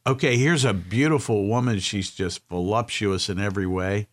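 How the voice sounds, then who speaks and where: A man's voice: fairly low pitch, moderate pace. A man co-hosting a podcast in casual chat, skeptical and lecturing as he gives his opinions. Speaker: podcast co-host.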